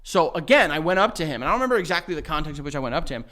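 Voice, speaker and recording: A man's voice: on the high side, big pitch swings, racing, sharp tone. A man, telling stories in casual podcast chat and swearing freely. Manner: rambling storytelling, swears freely. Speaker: podcast co-host.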